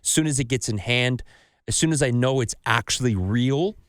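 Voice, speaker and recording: A man hosts a casual podcast, mid-pitched and dry on the mic. He tells stories in an animated way, swears freely and acts out other people's lines. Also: normal speed, no echo. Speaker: podcast host.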